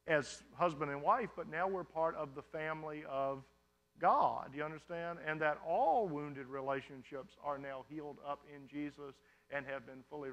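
A male pastor works through questions from his congregation in a sermon Q&A. His voice sits high and bright, with a forceful edge. He keeps it conversational and often checks that the listeners follow him.

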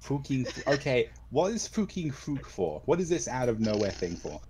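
A man in casual voice chat who explains his points in long, deliberate sentences. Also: mid-range voice, big pitch swings, crowd noise.

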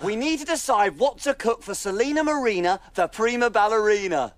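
A woman's voice: fairly high pitch, fairly quick, no echo, lightly acted. A woman playing a tiny cheerful female cook, telling a story in a sing-song, bouncy children's TV style. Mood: cheery storytelling.

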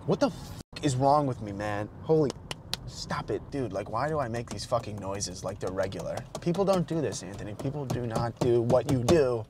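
A young man vlogging from his car, ranting and rambling in a profane, animated comedic monologue with sudden outbursts. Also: fairly low pitch, a little fast, a crowd in the background. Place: inside a car while driving.

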